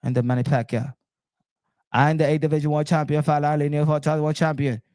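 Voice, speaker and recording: A man's voice: on the high side, flat delivery, moderate pace, a little mellow, no echo, studio quality, lightly acted. A man doing an impression of a swaggering champion boxer who boasts in broken English. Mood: proud.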